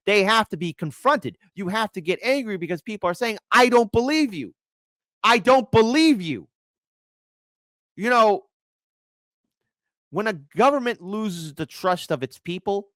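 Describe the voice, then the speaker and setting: Male host, indignant political rant, lively swooping pitch, dry voice. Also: no room sound. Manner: fiery, indignant ranting. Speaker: commentary host. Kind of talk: political commentary.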